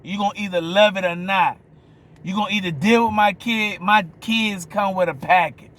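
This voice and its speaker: A man's voice: high-pitched, fairly even intonation, moderate pace, fairly bright tone. A man with a New Orleans accent giving a blunt, profane opinion monologue, often stopping to ask if you hear him. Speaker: vlogger.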